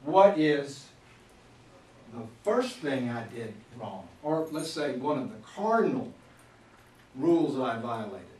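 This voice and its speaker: Animated man lecturing in an echoey room. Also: mid-range voice, slow pace. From Florida, USA. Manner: animated, acts out scolding teachers and students. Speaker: teacher trainer. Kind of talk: classroom management workshop lecture. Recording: echoey room, distant mic, faint noise.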